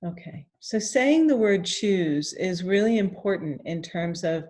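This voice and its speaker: A woman expressively coaches a guided tapping session in a gentle voice. She repeats lines in the first person, with pauses for sighs and deep breathing.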